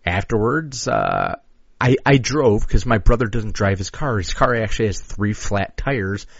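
Animated, husky-voiced podcast host. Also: male voice, on the low side, a little slow, no room sound. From Chicago area. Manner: animated, crude storytelling with profanity and acted-out quotes. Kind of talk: casual podcast storytelling. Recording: dull lo-fi audio.

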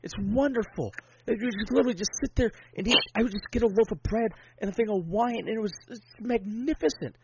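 A man's voice: high-pitched, fast, highs cut off, very noisy. A man in casual podcast chat, rambling and swearing freely with lots of enthusiasm.

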